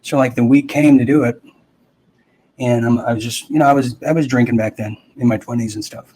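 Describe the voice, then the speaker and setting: A man's voice: medium pitch, steady tone, brisk, dark tone, husky. A man in his thirties hosting, telling a personal story in a rambling way with many restarts and asides. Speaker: host. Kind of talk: casual storytelling.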